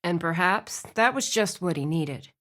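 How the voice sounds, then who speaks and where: A woman's voice: fairly low pitch, lively intonation, measured pace, fairly bright tone. Woman narrating a romance audiobook. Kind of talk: scripted narration.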